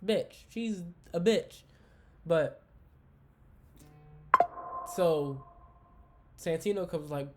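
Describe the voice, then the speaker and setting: A man hosting a casual wrestling recap for a live chat, with slangy, profane, excitable banter. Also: high-pitched, slow pace, pauses often.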